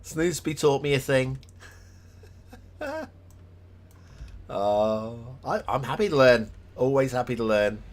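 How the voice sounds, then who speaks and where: A man's voice: medium pitch, animated, slow pace, pauses often. A man chatting casually on a live stream as he reviews game maps, thinking aloud with plenty of ums and restarts and chuckling at himself. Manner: chuckles often, self-deprecating.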